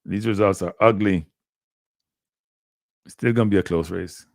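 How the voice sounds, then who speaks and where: A man's voice: low voice, a little slow, gravelly, no room sound, studio quality. A man hosting a casual live stream, talking animatedly and repeating himself as he calls out to his viewers. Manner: animated, repetitive, addresses viewers as "people". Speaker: livestream host.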